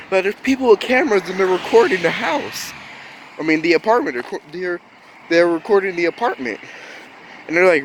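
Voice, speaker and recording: A young man with a slightly high voice tells a story from his past, bouncing between his own lines and the voices of others. Faint traffic hum sits behind him, as if he is recording outdoors. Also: normal speed. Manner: animated, acts out quoted voices. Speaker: vlogger. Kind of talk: casual storytelling.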